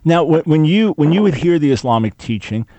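A man's voice: on the high side, animated, a little fast, warm tone, no echo, highs cut off. A man hosting a talk radio show, speaking earnestly and with emphasis into a studio microphone.

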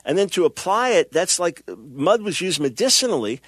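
A man's voice: on the high side, big pitch swings, moderate pace, fairly bright tone, slightly rough, dry recording. A middle-aged man hosting a radio talk show, preaching with impassioned, emphatic delivery and acting out the people he quotes.

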